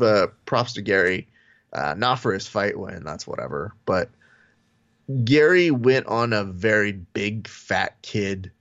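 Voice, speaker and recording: A man co-hosting a podcast in casual chat, animated and acting out quotes. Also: gravelly, dry recording, lo-fi sound. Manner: animated, acts out quotes with falsetto and whispers. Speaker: podcast co-host.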